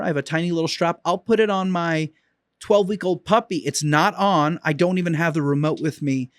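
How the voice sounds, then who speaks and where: A man's voice: a little high, dry recording, studio quality. A man teaching as a dog trainer in an instructional video, talking emphatically and repeating key points.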